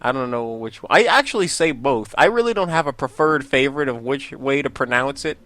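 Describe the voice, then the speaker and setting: A man's voice: mid-range voice, expressive, fairly quick, fairly bright tone. A young man casually commenting over his own gameplay, rambling and joking at himself with frequent laughs. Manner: rambling, self-mocking, laughs often. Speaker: Let's Play host.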